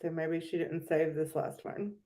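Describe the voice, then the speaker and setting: A woman's voice: sits low, fairly even intonation, normal speed, warm tone. A young woman hosting a casual commentary chat, gossipy and sarcastic, often breaking into giggles. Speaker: channel host.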